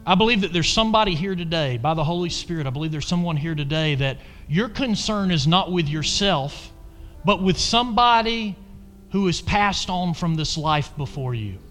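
A male pastor preaching a sermon, emphatic, swinging between loud exhortation and quiet asides. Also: on the high side, lively intonation, normal speed, faint music behind. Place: church sanctuary. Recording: long reverb of a large church hall.

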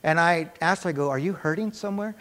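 A middle-aged man preaching a sermon in a conversational, animated way, telling a personal story and acting out the voices in it. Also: a little high, quick pace. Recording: reverberant church hall.

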